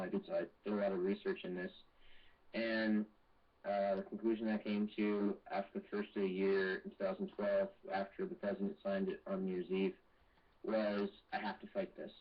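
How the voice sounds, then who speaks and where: A young man with a lowish voice speaks as an interview guest, earnest and intense as he tells his story. He sounds distant from the mic, and the Skype audio is dull. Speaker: guest, activist. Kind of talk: interview over a call. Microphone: Skype call.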